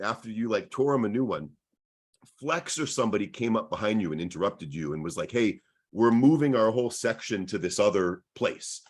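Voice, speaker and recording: Young guy cohosting a podcast, low voice, telling a story and doing everyone's lines. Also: lively intonation, fairly quick, slightly rough. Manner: long anecdote full of acted-out quoted dialogue. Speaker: podcast co-host. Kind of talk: casual storytelling.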